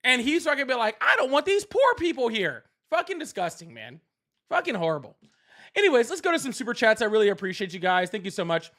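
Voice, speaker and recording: A man's voice: extremely high pitch, bright, forceful tone. A man hosting a live call-in debate stream, angry, profane and berating.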